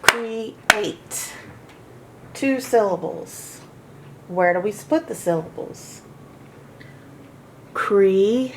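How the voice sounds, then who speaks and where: A woman teaches a phonics lesson at a very slow, careful pace. She repeats each word several times so listeners can follow along. A faint hiss of background noise sits under her voice. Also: mid-range voice, lively intonation. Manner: slow, deliberate, repeats words for practice. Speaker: reading teacher.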